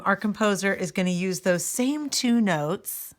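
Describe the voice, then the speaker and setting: A woman's voice: medium pitch, measured pace, hardly any pauses. A woman music teacher giving a recorded lesson, patiently explaining step by step and speaking straight to her students.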